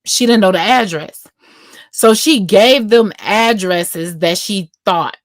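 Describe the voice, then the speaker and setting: A woman's voice: mid-range voice, slow. Slangy woman telling her story. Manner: slangy, repeats "you know what I'm saying". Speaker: interview guest. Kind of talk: casual storytelling in an interview.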